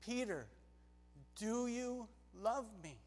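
Preacher doing a soft-spoken, patient teacher, fairly high voice, hall echo. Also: male voice, big pitch swings, measured pace. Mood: tender. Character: calm, patient male teacher, Jesus.

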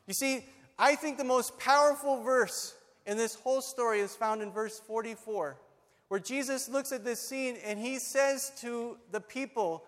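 Middle-aged male pastor, high voice, dramatic sermon storyteller; church hall with long echo. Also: normal speed, fairly bright tone. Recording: long reverb of a large hall.

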